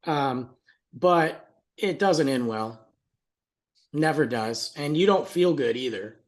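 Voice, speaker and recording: A man's voice: mid-range voice, animated, slow pace. A man co-hosting a podcast in casual chat, telling a family story animatedly and laughing often. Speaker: podcast co-host.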